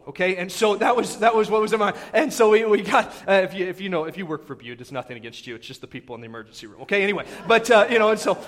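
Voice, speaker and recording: This thirty-something man is preaching, weaving a personal anecdote into his sermon in a lively, chatty style. His voice sits high, and he keeps turning to the congregation with brief asides.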